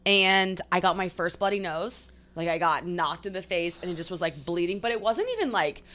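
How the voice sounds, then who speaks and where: Bright-voiced chatty young woman. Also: fairly low pitch, moderate pace. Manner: chatty, rambling with many fillers. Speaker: podcast co-host. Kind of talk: casual chat.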